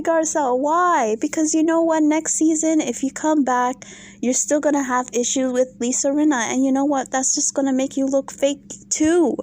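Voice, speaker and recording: A woman giving casual opinion commentary on a reality show, exasperated and animated, firing off rhetorical questions. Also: high-pitched, normal speed.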